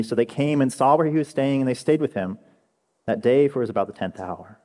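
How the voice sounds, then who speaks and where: A young man preaching a conversational sermon as a pastor, telling stories with animated energy. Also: mid-range voice, fairly quick. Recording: echoey hall with long reverb.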